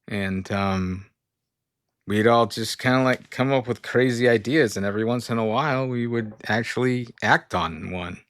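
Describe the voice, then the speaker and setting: A man co-hosting a podcast, telling stories in relaxed casual chat. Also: medium pitch, moderate pace. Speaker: podcast co-host.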